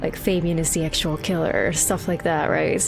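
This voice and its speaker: A woman's voice: sits low, fairly even intonation, moderate pace, gravelly, over music. A young woman giving casual, profane commentary while playing a video game, rambling and incredulous. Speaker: game streamer.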